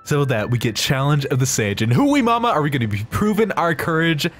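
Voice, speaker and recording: A man hosting a let's play, giving excitable, jokey game commentary. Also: fairly high pitch, a little fast, faint music behind.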